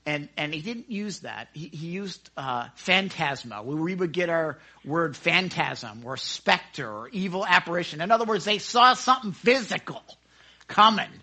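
An excitable man leads a casual Bible study, talking into a microphone in a high, bright voice. His pitch swings widely as he chats, and he keeps acting out the scenes he describes. The teaching is loose and enthusiastic. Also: moderate pace. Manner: excitable, chatty, acts out scenes. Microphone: handheld microphone.

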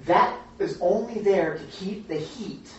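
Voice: mid-range voice, measured pace, slight background noise. Chatty Bible study teacher in an echoey room. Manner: chatty and animated, asking the group questions. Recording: very echoey room, distant mic, dull sound.

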